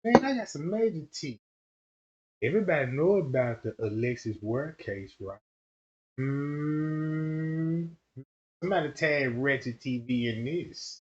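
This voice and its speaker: A man's voice: a little high, animated, a little slow, pauses often, dull audio. A man hosting a casual commentary stream, slangy and emphatic, repeating himself as he builds up his points. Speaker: YouTube commentator.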